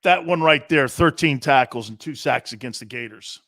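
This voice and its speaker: Speaking at a moderate pace, a sports radio host in his fifties has a medium-pitched, somewhat bright voice captured cleanly in the studio without echo. He rants through an opinionated monologue, telling blunt, heated stories, circling back to repeat points and tossing in asides.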